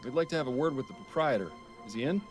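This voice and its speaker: A serious, to-the-point detective, voiced by a man in a game. He speaks in a dry, measured, formal way at an ordinary pitch. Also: expressive, over music, lightly acted.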